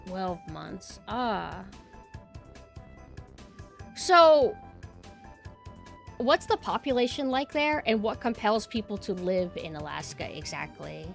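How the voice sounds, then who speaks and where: A woman's voice: mid-range voice, animated, measured pace, creaky, long pauses, soft background music. A young woman streamer chatting casually with her viewers and ranting bluntly, swearing freely.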